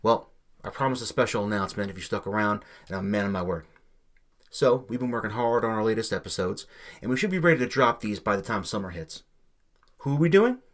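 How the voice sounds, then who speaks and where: A man's voice: fairly low pitch, fast talker, a bit bright. A man hosting a podcast, teasing and building hype for upcoming episodes. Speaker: podcast host. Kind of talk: hyped show announcement.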